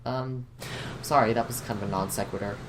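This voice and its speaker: A man's voice: mid-range voice, steady tone, fairly quick, noisy background. Earnest, stammering man on a podcast. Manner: earnest, apologetic, stammering restarts. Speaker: podcast co-host. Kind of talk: casual podcast chat.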